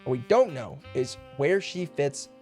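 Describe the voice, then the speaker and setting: A man's voice: a little high, animated, measured pace, a little mellow, soft background music. A young man streaming a puzzle game, thinking aloud in a rambling way and laughing now and then. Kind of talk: casual puzzle game livestream.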